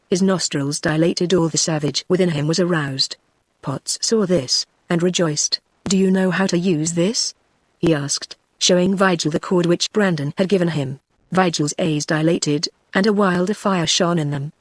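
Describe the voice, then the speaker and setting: A text-to-speech voice of a woman with a British accent, reading a novel aloud in an even, measured way. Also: lowish voice, dry recording. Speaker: audiobook narrator.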